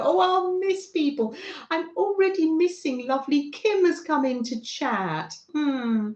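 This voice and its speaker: Slow-talking British woman, roomy dull audio. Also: sits high, expressive, a little mellow. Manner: chatty, reads out viewer comments, laughs often. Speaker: craft livestream host. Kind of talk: casual livestream chat.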